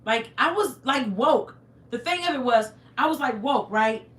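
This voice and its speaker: A woman's voice: sits high, lively intonation, normal speed, a bit bright, echoey room. A woman hosting a live stream, telling a story dramatically, acting out screams and sounds, and reading viewer comments aloud. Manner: acts out screams and sound effects. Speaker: livestream host. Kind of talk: casual storytelling to a live chat.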